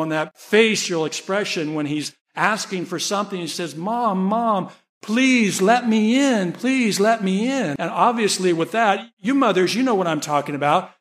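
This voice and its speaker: An earnest middle-aged preacher with a high-pitched voice delivers a sermon. He tells a story quietly, then rises into pleading emphasis as he urges his listeners.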